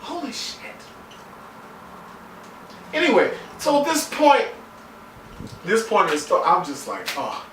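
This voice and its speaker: A man giving a casual, profane episode recap, excitable and acting out scenes in voices. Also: sits high, moderate pace, pauses often, roomy sound, far from the mic, noisy background. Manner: excitable, swears a lot, acts out scenes in voices. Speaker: TV episode reviewer.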